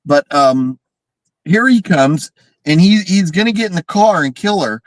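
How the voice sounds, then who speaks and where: A man chatting on a horror movie livestream, voice sitting a bit high and swinging wildly up and down. He swears freely and launches into shrieking impressions of characters. The sound is dry, with no room around it. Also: unhurried, no echo, poor audio. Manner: animated, swearing, mimics characters with big shrieks. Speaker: podcast co-host reviewing horror films. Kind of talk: casual livestream chat.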